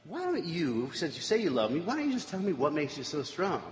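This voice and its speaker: A man doing a sweet-talking scheming woman, high and coaxing. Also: huge pitch swings, brisk. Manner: sweet, wheedling falsetto. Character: scheming young woman coaxing her lover. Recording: echoey hall, faint room noise.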